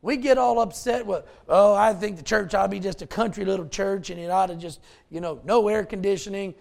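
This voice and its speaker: A male pastor preaching a folksy, animated sermon with asides to the congregation. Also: high-pitched, fairly quick, gravelly.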